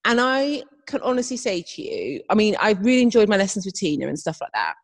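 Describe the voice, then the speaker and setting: Brief: woman, young, podcast co-host, animated storyteller, husky edge. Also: mid-range voice, brisk, no room sound. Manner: animated storytelling, acts out quotes. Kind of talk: casual chat.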